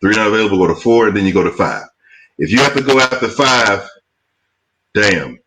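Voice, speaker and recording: Blunt, low-voiced male producer. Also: heavy background noise. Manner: blunt, emphatic, drawn-out asides. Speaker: film producer and host. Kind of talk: casual chat.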